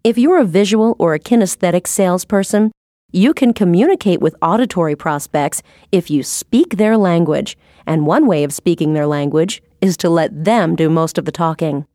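A woman reading a scripted sales training narration in a measured, instructive way. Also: lowish voice, dark tone, no echo, studio quality.

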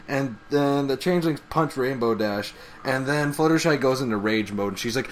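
A man's voice: medium pitch, a little fast, fairly bright tone. A man co-hosting a podcast, chatting casually about a comic and laughing often as he acts out characters' lines. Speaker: podcast co-host. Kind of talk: casual comic review chat.

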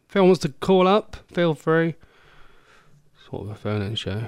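A chatty English man presenting a homemade radio phone-in on his own. His pitch sits a touch high and moves all over the place. The sound is close and completely dry. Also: very animated, takes it slowly, pauses often, a little mellow, clear, resonant tone, dry recording. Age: adult, a former smoker. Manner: chatty, rambling, self-interrupting. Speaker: host of an online radio phone-in. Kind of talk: casual solo radio chat.

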